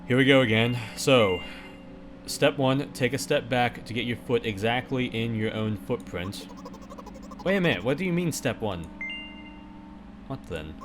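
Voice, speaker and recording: A man's voice: mid-range voice, lively intonation, a little slow, pauses often, noisy background, pitched above the performer's own voice, close to an everyday voice. A man voicing an anxious, easily flustered young girl, counting and correcting herself in a nervous rush. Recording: music playing underneath.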